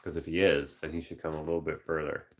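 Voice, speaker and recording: Low, gravelly-voiced man chatting casually. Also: little pitch movement. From Canada. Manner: muses aloud, drops into quick movie-quote voices. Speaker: painter reading viewer suggestions. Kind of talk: casual live-stream chat.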